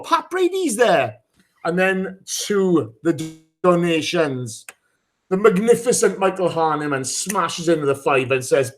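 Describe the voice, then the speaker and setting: This man's voice is high and sing-song, and he takes his time. He's the host of a live football podcast, keeping the chat casual as he teases his co-hosts, swears freely, and reads out listener names.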